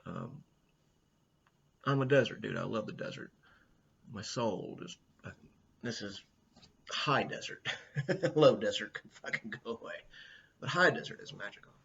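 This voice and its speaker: A middle-aged vlogger rambles casually indoors at a friend's house, swearing often and laughing a lot. His voice is lowish, husky, and touched with vocal fry, and the audio sounds dull.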